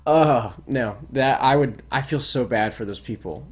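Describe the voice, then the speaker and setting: A man's voice: medium pitch, a little slow, breathy edge. A man co-hosting a casual podcast chat, rambling and hesitant, full of restarts and fillers. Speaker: podcast co-host.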